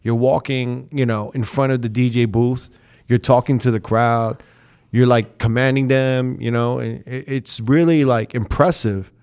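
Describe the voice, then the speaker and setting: A man's voice: mid-range voice, fairly even intonation, measured pace, darkish tone, clear, resonant tone. A man hosting a casual podcast chat, asking curious, eager questions.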